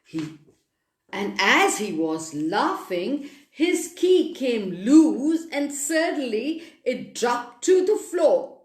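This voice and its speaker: Woman storyteller, slightly high voice, unhurried expressive reading, echoey room. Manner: expressive, animated reading with sound effects. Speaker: children's storyteller. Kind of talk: reading a children's story aloud.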